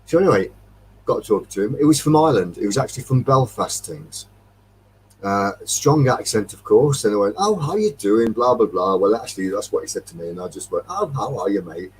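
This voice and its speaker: A low-voiced man from Derbyshire with a Midlands accent tells a rambling, chuckling story, a few beers in. His pitch leaps around as he acts out each voice. He sits back from the mic, with a faint hum underneath. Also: animated, fairly quick, recorded from a distance, poor audio. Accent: English Midlands. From Derbyshire, England. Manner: rambling, chuckling anecdotes, acting out dialogue. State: tipsy after a few beers. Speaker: metal detecting chat host. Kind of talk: casual storytelling chat.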